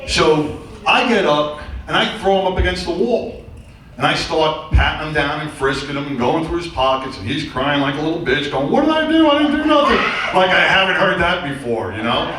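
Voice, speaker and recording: A man's voice: fairly high pitch, pushed and bright. Middle-aged man doing stand-up in an echoey theater. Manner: loose, rambling storytelling with crude punchlines. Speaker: stand-up comedian and hypnotist. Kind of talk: stand-up comedy routine. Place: theater stage before a live audience. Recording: very echoey, distant room sound with faint noise.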